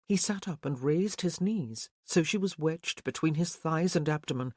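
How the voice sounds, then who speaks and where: An audiobook narrator reading a romance novel at a slow, even pace. The voice sits at a middle pitch. The recording is dry and close, with no echo.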